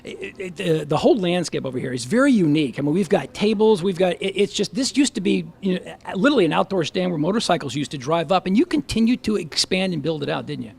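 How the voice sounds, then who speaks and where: Folksy guy hosting a local business show, kinda high, gravelly and husky. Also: lively intonation, quick pace, few pauses. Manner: chatty, folksy, joking. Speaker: host.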